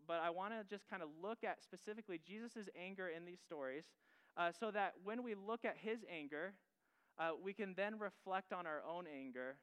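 A man's voice: on the high side, a bit bright, clean tone, low-quality recording. A male pastor preaching a sermon in a casual, conversational way, asking the audience questions directly.

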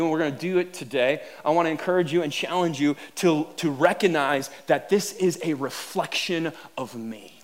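A man preaching a sermon as pastor, telling funny self-deprecating stories with animated delivery. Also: on the high side.

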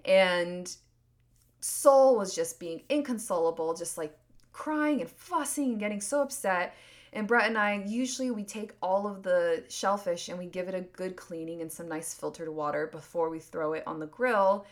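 Speaking at a moderate pace with a fairly low pitch, a thirtysomething woman rambles earnestly through her own solo podcast. She restarts often and leans heavily on "like" in this casual monologue.

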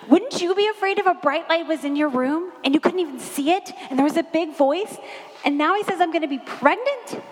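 A wide-eyed young Mary, acted by a woman tumbles through breathless questions and exclamations. Her voice sits high. A long hall reverb trails after each phrase. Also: animated, normal speed. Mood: bewildered. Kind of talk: dramatic first-person monologue.

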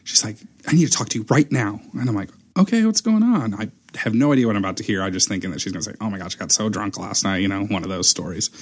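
A man's voice: on the low side, racing, few pauses, breathy edge. A young man telling a story in casual chat, acting out the quotes as he goes. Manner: animated storyteller, acts out quotes.

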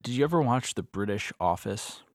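A man co-hosting a podcast in casual chat, talking in halting bursts full of "like" and restarts. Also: fairly low pitch, lively intonation, dry recording, studio quality. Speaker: podcast co-host.

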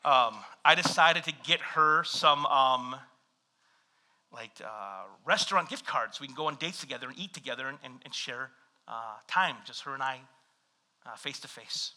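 A man's voice: medium pitch, normal speed. A man preaching a sermon, reading scripture and telling funny stories from his married life. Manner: animated storytelling with scripture reading and humor. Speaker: pastor.

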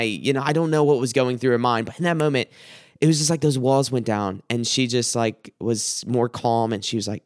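A man's voice: mid-range voice, fairly quick, dry recording. Young guy podcast host, earnest faith talk, stumbles and repeats words, dry close audio.

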